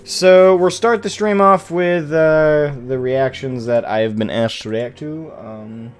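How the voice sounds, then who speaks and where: A man's voice: on the high side, slow. A man streaming a game, chatting casually in a rambling, profane way, often correcting himself. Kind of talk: casual live-stream chat.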